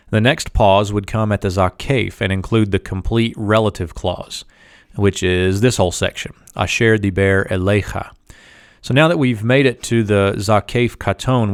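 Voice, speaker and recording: Low-voiced man teaching a verse step by step. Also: no echo, clean studio sound. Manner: methodical, explanatory, slows to read quoted phrases. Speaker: Hebrew teacher. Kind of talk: lecture on biblical Hebrew verse.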